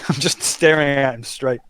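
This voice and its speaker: A man's voice: medium pitch, measured pace, fairly bright tone, a little hiss or hum, rough recording. A man playing in a tabletop game, joking drily with the game master. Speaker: player. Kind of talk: casual tabletop banter.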